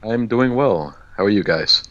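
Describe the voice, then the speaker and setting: A man who is a voice actor, guesting on a casual podcast, relaxed and chuckling between answers. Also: on the low side, moderate pace, lo-fi sound.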